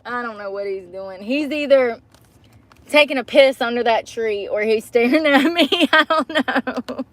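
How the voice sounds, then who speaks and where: A woman's voice: fairly high pitch, normal speed. A woman vlogging to a phone camera from inside her parked car, chatty and profane, breaking into laughter often. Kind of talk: casual chat to camera.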